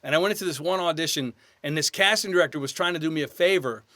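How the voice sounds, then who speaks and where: A man in his fifties from New York, an actor guest telling animated stories in a casual podcast interview. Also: fairly high pitch, fast talker, dry recording. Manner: animated anecdotes, slips into quoted voices.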